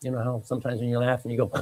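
A man's voice: medium pitch, completely flat delivery, rapid-fire, dark tone, poor audio. A man preaching a sermon, reading scripture aloud and breaking in with emphatic, chatty asides. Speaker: pastor.

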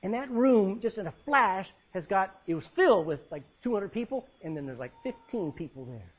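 A male pastor preaching a sermon, swinging between loud cries and hushed words as he quotes scripture in old-fashioned style. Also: high voice, very animated, moderate pace, breathy edge, narrow, tinny audio.

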